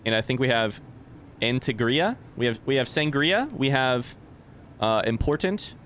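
A man's voice: mid-range voice, expressive, unhurried, fairly bright tone, slight background noise. A young man doing live let's-play commentary, chatting with viewers and reading game text aloud.

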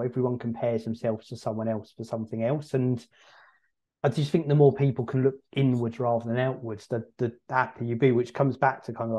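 A man co-hosts a relaxed podcast, speaking reflectively and earnestly. His mid-pitched voice is mellow and dark in tone. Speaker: podcast co-host. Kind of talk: casual podcast chat.

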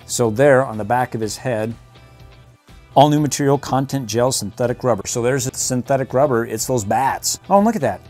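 A man's voice: mid-range voice, expressive, fairly quick, darkish tone, faint music behind. A middle-aged man doing an enthusiastic, jokey toy unboxing review. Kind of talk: casual toy unboxing commentary.

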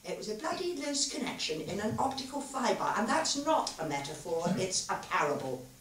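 A woman reading aloud as a tipsy male physicist who muses and rambles in a lively way. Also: mid-range voice, moderate pace, a little hiss or hum, voice pushed up. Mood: musing. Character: rueful man, tipsy physicist, musing. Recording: roomy live hall, far mic.

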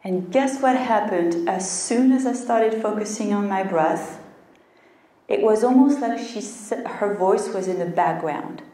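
A woman's voice: medium pitch, measured pace, dark tone, reverberant, far from the mic. A woman health coach giving a motivational talk, telling a personal story and acting out her inner voice.

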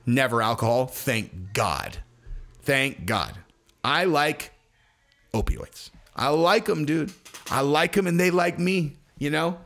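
A man's voice: on the high side, lively intonation, takes it slowly, vocal fry, fairly bright tone. A man hosting his own commentary channel, talking in a loose, profane, rambling way and acting out little voices as he goes. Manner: profane, rambling, acts out voices mid-story. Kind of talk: casual commentary monologue.

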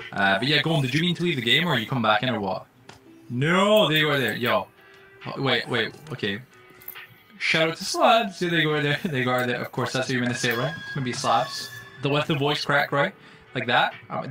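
A young man live-streaming a survival game and chatting loosely with his viewers. His voice sits at an ordinary middle pitch, and he jumps from mumbled asides to loud, startled yelps. He swears freely and sounds close to a desk mic. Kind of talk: casual live-stream commentary.

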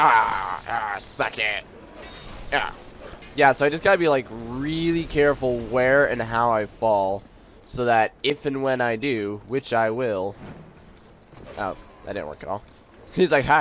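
A man's voice: medium pitch, normal speed, slight background noise. A young man giving live commentary on a video game, exclaiming and joking about his own failures. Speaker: video game let's player.

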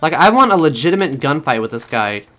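A man's voice: a little high, fast talker, slight background noise. Foul-mouthed man commentating his gameplay. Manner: profane, excitable, talks to his viewers. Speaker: gaming channel host.

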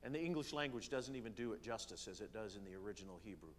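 A pastor preaching in a church, reading scripture aloud and slowing down to stress key words, with the odd filler. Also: male voice, lowish voice, expressive, slight background noise. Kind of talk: sermon reading and explaining scripture. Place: church sanctuary.

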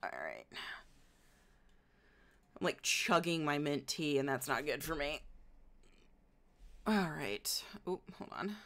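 A woman with an Indiana accent chats with her stream audience, her voice sitting on the lower side. She talks at an unhurried pace, full of dry jokes and easy laughter. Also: very animated, a bit bright. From Indiana, United States. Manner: wry, joking, quick to laugh. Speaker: livestreamer. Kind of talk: casual chat with viewers.

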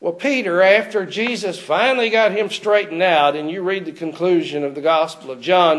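A man's voice: high voice, fairly quick. A man preaching an expository sermon in a church, putting rhetorical questions to his congregation.

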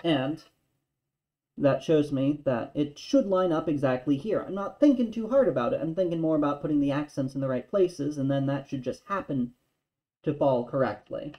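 A man's voice: fairly high pitch, lively intonation, a little fast, dark tone. Man teaching music theory, slightly lo-fi. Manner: explains plainly, counts rhythms aloud in "da" syllables. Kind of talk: online music lesson.

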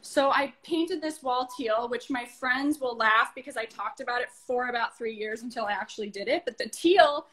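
A woman's voice: fairly high pitch, moderate pace, few pauses, fairly bright tone, rough recording. A woman chatting casually while showing her apartment and giving practical advice. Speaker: apartment owner giving a home tour. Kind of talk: casual chat.

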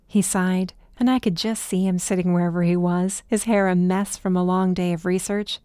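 A woman narrating a first-person audiobook in a measured, even way. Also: on the low side, smooth, no echo, clean studio sound.

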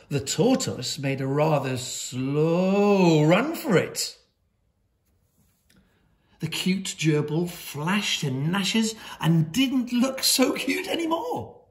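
Animated storyteller reading a picture book. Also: female voice, lowish voice. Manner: lively voices for characters, slow dramatic pauses. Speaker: school storyteller. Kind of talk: expressive read-aloud of a children's picture book.

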